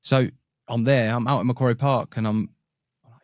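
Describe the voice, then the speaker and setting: A man who works in Sydney, Australia, appears as a podcast guest and recounts his career in a rambling, anecdotal, casual interview chat. His voice is lowish and brisk, and the recording is dry.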